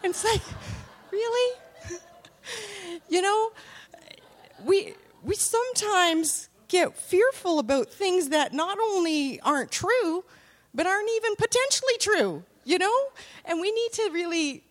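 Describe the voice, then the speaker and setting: A woman's voice: extremely high pitch, big pitch swings, a little slow. A woman preaching a sermon in a conversational way, mixing scripture with family anecdotes and rising to emphatic peaks.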